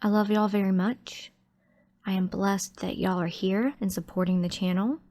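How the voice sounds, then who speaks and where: Woman, 30s, vlogger, emotional, soft, mellow. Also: medium pitch, fairly even intonation, moderate pace. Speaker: true crime YouTuber. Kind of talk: casual vlog outro.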